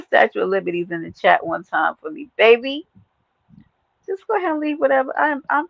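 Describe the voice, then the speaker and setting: A woman with a Brooklyn New York accent hosting a casual livestream chat, brash, profane and animated, laughing often. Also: medium pitch, a little fast, vocal fry, no echo, lo-fi sound. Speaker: livestream host.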